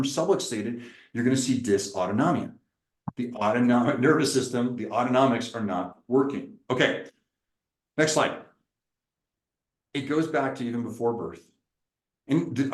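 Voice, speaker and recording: A man, a chiropractor, giving an energetic, preacher-like seminar presentation. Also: medium pitch, reverberant, poor audio. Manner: lively, preacherly, acts out little dialogues.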